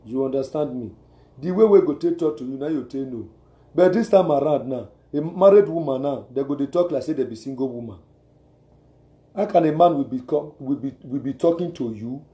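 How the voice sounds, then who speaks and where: A man's voice: medium pitch, a little fast, mellow, reverberant. A man with a Nigerian accent giving repetitive, exhortative advice and often asking listeners whether they understand. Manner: repetitive, exhortative, with rhetorical questions. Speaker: advice speaker. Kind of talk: preachy advice talk.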